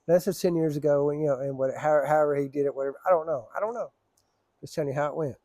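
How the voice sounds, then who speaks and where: A man's voice: on the high side, racing, mellow, dry recording, studio quality. A man telling rambling, profane stories in a casual, laid-back way. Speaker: storyteller. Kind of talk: casual storytelling.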